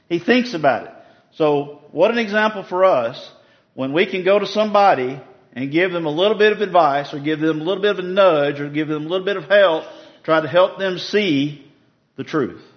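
A man leading an evening Bible study in a relaxed, conversational way, asking his group questions as he retells a story. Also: a little high, normal speed, dull audio. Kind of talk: casual evening Bible teaching.

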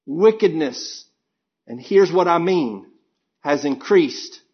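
A man's voice: a little high, animated, slow pace, muffled recording. A man preaching a sermon, earnest and emphatic, reading scripture aloud and pressing his points.

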